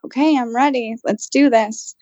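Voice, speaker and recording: A woman with a fairly high voice tells a story on a casual podcast. She is animated and loose, with plenty of "like" fillers and some cursing. The audio is dry and a little dull, close to lo-fi. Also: normal speed, dry recording. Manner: animated storytelling, heavy "like" fillers, swears freely. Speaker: podcast co-host and channel. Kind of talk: casual chat.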